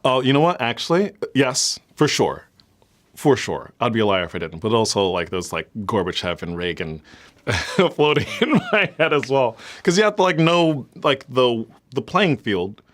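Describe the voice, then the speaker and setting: A man's voice: medium pitch, sing-song, moderate pace, fairly bright tone. A man, an actor, chatting in a press interview, laughing often and filling his talk with "like". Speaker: actor in the film.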